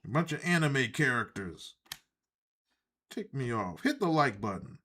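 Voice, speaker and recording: A man hosting a live stream, reacting in a loose, rambling way, sarcastic and quick to swear. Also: mid-range voice, big pitch swings, bright, forceful tone. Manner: ranting, sarcastic, swears often, rambling asides. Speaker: livestream host reacting to wrestling. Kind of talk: casual live reaction commentary.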